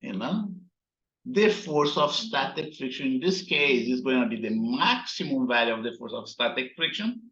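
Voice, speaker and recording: A man teaching a physics class, slowly explaining while working on slides and often checking in with "right?". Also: medium pitch, expressive, fairly bright tone. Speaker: physics instructor. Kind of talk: recorded classroom lecture. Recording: echoey, dull lo-fi room sound.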